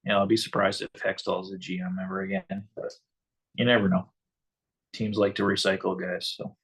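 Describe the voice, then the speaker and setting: A man's voice: low-pitched, fairly even intonation, a little fast, vocal fry, husky. A man co-hosting a live stream, chatting casually about a hockey game in an offhand way with dry asides. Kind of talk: casual hockey watch-along chat.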